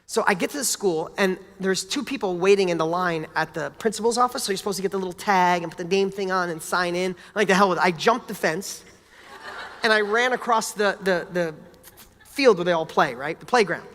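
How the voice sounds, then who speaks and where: A man giving a motivational talk, telling a personal story in an energetic, animated way with casual swearing. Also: high-pitched, brisk. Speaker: motivational speaker. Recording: long hall reverb.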